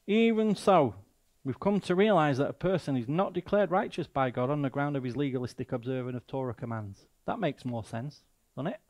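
A man's voice: medium pitch, fairly quick, darkish tone. A man with a Mancunian accent preaching a sermon as a guest speaker, emphatic and full of rhetorical questions.

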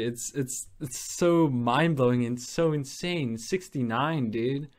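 A man's voice: medium pitch, unhurried. A young man hosting a gaming video, gushing and rambling as he thanks his viewers, stumbling over his words and giggling. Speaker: gaming channel host. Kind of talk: casual vlog commentary over mobile gameplay.

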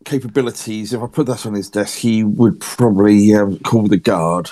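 A man's voice: lowish voice, fairly even intonation, moderate pace, dark tone. A man playing in a tabletop role-playing game, weighing his words with ums. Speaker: player.

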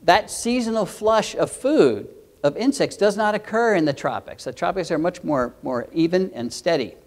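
A man's voice: high-pitched, animated, moderate pace. An older man, a professor, giving a conference keynote lecture in an earnest, explanatory way, often restarting phrases. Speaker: keynote speaker, entomology professor.

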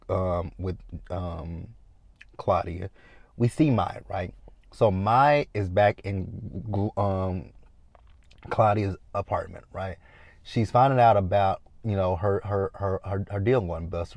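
Man, low voice, casual recap host, animated and profane, dry close mic. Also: unhurried, no room sound. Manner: animated, swears freely, many "right?" tags and quoted reactions. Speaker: TV recap vlogger.

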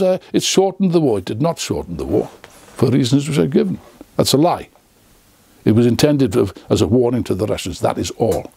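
An older man, a political speaker, delivers an impassioned, unscripted lecture to camera, full of sarcastic asides and restarts. He's close on the mic, and his voice is a little high, creaky, husky and somewhat mellow. The recording is dry.

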